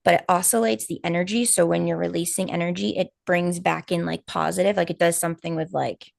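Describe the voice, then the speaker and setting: Low gravelly woman telling a story. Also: a little fast, dry recording, clean studio sound. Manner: animated storytelling with many fillers and quoted asides. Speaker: co-host of a spiritual healing live stream. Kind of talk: casual chat.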